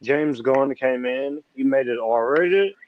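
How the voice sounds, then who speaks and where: A man casually sharing his ranked list of favorite films, chatting in a relaxed way with a friend. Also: mid-range voice, slow pace, phone-quality sound, a little hiss or hum. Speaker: guest film fan. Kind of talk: casual chat.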